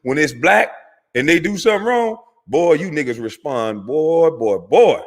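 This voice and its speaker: A man's voice: on the high side, expressive, measured pace. A man, a former pro athlete, delivering a heated, profane, preachy rant to camera that repeats words for emphasis. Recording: long hall reverb.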